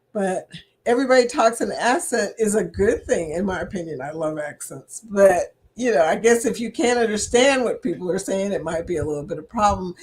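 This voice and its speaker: A woman's voice: mid-range voice, a little hiss or hum. A middle-aged woman hosting a casual livestream chat, reading viewer comments aloud and laughing often as she talks. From United States. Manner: laughs often, chatty and animated.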